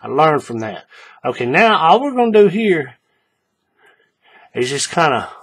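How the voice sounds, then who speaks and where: A man with a husky, slightly high voice explains a craft project step by step in a loose, casual way. He repeats himself often and keeps checking that the viewer is following along. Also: very animated, unhurried, fairly bright tone. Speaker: crafting tutorial host.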